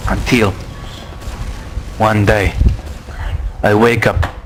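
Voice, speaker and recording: Slow deadpan male storyteller, broken English, low voice, noisy voice-chat mic. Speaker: storyteller on a game server. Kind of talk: comic in-character storytelling.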